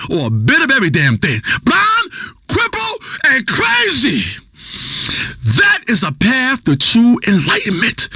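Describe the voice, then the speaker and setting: A hollering, crude spiritual guru. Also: male voice, extremely high pitch, sharp tone, slightly rough, dry recording, heavily acted. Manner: preachy, rambling, crude, bursts into hollering. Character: self-proclaimed male spiritual guru, crude and preachy. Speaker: radio talk show host. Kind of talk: scripted radio comedy acting.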